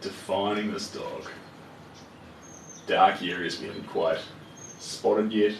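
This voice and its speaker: A low-voiced man talks slowly and casually as he paints live, half muttering to himself between greetings to viewers. His voice sits back from the microphone in an echoey room. A faint ambient hum runs underneath. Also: fairly even intonation. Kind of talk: casual live-stream chat while painting. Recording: roomy echo, voice far from the mic, faint ambience.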